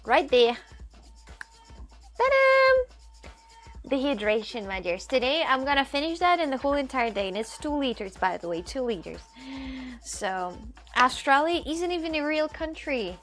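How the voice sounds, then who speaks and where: This is a casual live-stream chat from a city walk outdoors, where a chatty woman reads viewer messages aloud and laughs frequently over faint music. Her high voice has lively intonation and a fairly bright tone at a moderate pace.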